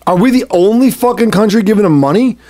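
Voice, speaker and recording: A man's voice: high voice, animated, fast, darkish tone. Foul-mouthed podcast guy, voice jumps all over, goes off on rants. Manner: profane, ranting, crude jokes. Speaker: podcast co-host. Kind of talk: casual satirical chat.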